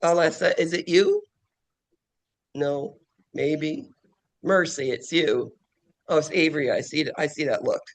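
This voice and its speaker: A male nursing professor lectures in a classroom with a notably high voice. He teaches in an animated, playful way, breaking into children's games and cries to make his points. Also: a little slow, long pauses.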